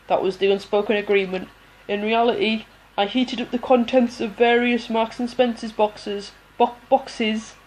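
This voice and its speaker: A woman reading a novel aloud as an amateur audiobook, unhurried, with pauses and the odd restart. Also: medium pitch, poor audio. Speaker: audiobook reader.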